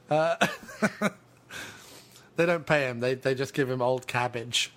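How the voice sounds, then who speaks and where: A man's voice: medium pitch, measured pace, pauses often, a bit bright. A man co-hosting a comedy podcast, rambling through silly bits and laughing a lot. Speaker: podcast co-host. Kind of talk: casual comedy chat.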